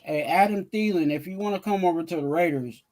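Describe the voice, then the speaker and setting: A man's voice: high voice, fairly quick, a little mellow. A man talking sports in casual chat, rambling, repeating himself and stumbling over his words.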